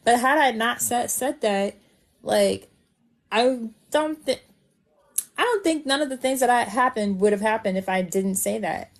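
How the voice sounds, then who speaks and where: Woman, gravelly fry, fairly high voice, live-stream guest, chatty, rambling. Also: measured pace. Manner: chatty, full of fillers. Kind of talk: casual live chat.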